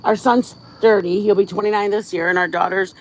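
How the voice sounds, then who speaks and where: A woman's voice: mid-range voice, steady tone, fairly quick, a little hiss or hum. A middle-aged woman from Michigan hosting a casual livestream outdoors at night, chatting in a rambling way full of fillers and restarts. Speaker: livestream host. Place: outdoors at night, crickets around.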